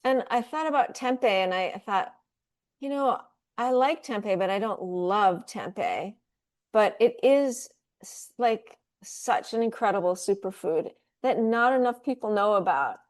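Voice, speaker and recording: Slow, chatty woman guest. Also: mid-range voice. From United States. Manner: relaxed, chatty, laughs often. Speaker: guest, food company founder. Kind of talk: casual interview talk.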